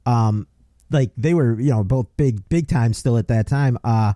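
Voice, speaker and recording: A man hosting a casual interview, asking relaxed questions full of fillers. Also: medium pitch, a little slow, no echo, studio quality. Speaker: podcast host.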